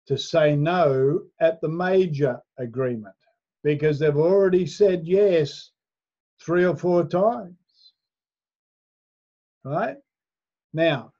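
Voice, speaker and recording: A man's voice: a little high, a little mellow, dull audio. A man teaching a sales class as trainer, persuasive and often asking his listeners to agree.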